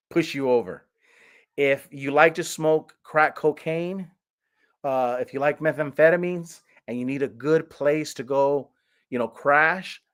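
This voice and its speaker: A man ranting through a casual movie review, heavy on sarcasm and exaggeration. His voice sits at an ordinary middle pitch, and he keeps stumbling and restarting as he goes.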